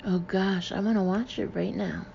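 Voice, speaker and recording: A woman voicing a bubbly, warm young female friend talking on the phone. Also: mid-range voice, fairly even intonation, moderate pace, vocal fry, muffled recording, slight background noise, close to an everyday voice. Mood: wistful.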